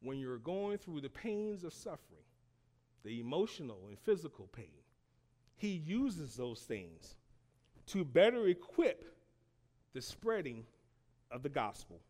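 Impassioned preacher, high lively voice. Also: male voice. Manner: call-and-response preaching, rising to shouts; slow, emphatic phrasing with long pauses. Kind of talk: sermon.

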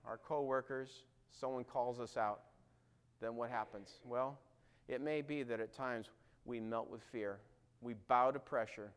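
A man's voice: mid-range voice, smooth. A man preaching a sermon, earnest and direct, asking his listeners questions and acting out quoted lines with growing force.

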